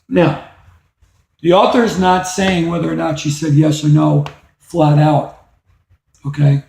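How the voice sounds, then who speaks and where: A man teaches a reading lesson, explaining patiently and asking rhetorical questions. His voice is gravelly with a mellow tone, and a little high for a man. It is recorded in an echoey room. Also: fairly even intonation, a little slow.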